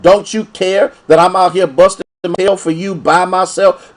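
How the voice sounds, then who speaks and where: An overworked, exasperated woman pours out her complaint, pleading and growing more indignant, as a male preacher acts her out. Her voice swoops widely up and down and sits a little high.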